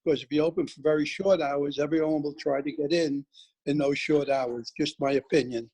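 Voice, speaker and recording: A man speaking up as a director in an online board meeting, hesitant with many pauses over a video call. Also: fairly high pitch, fairly even intonation, darkish tone, slightly rough, poor audio.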